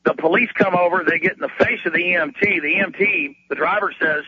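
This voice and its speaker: A man's voice: fairly high pitch, quick pace, slightly rough. A male radio talk show host delivering a heated, ranting monologue, stumbling over and repeating words as he gets worked up. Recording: dull lo-fi radio recording.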